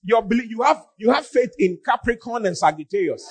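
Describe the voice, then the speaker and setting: A man preaching on a podcast, scolding with animated rhetorical questions and shouting for emphasis. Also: high voice, fairly quick, hardly any pauses, a loud crowd, heavy background noise.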